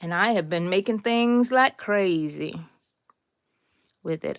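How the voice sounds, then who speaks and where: A woman's voice: lowish voice, animated, moderate pace, vocal fry, dry recording. A middle-aged woman hosting a casual live crochet tutorial, chatting, drifting into side stories, and answering viewers by name.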